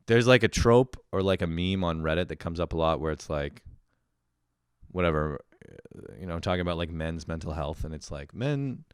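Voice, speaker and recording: A man's voice: low-pitched, clear, resonant tone, dry recording, clean studio sound. A man hosting a casual comedic podcast, ranting with profanity and sarcasm. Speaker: podcast host.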